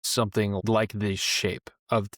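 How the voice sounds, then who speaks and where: Excited guy gushing about a book, lots of likes, kinda low voice, dead dry mic. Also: measured pace, dry recording. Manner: enthusiastic, filler-heavy. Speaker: book club podcast host. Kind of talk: casual book discussion.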